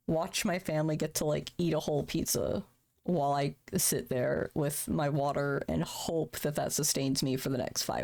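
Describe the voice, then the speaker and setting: A woman in her thirties, a streamer, talking candidly and emotionally on a livestream from home, swearing casually. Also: sits low. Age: 30s. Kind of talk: candid personal talk on a livestream. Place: home room.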